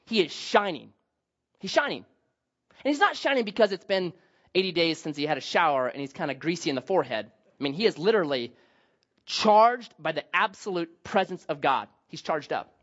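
A man's voice: high voice, a bit bright. A man pastor giving a sermon, telling Bible stories with humor and acted asides, on a dull lo-fi recording.

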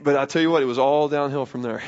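A man's voice: medium pitch, fairly even intonation, fast talker, darkish tone. A young man preaching a sermon, telling stories from his family life in a conversational way with a bit of self-deprecating humor. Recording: slightly dull lo-fi recording.

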